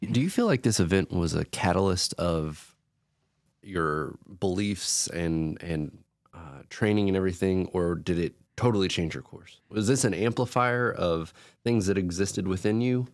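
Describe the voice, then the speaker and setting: A man's voice: sits low, moderate pace, no room sound, clean studio sound. A man hosting a podcast, asking thoughtful, probing questions and rephrasing them. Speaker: podcast host. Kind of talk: interview questions.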